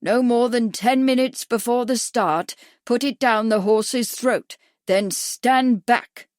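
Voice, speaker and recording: Woman putting on a deaf grumpy old doctor, loud and snappy, kinda high. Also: slow, no echo, clean studio sound. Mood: instructing. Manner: loud, sharp, scolding. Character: deaf, gruff elderly male racing doctor.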